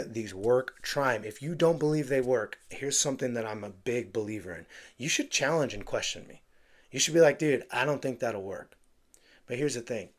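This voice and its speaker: A man coaching real estate agents on phone sales, talking emphatically and acting out bits of phone calls. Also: mid-range voice. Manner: emphatic, acts out phone calls with playful voices. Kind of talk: direct-to-camera sales coaching.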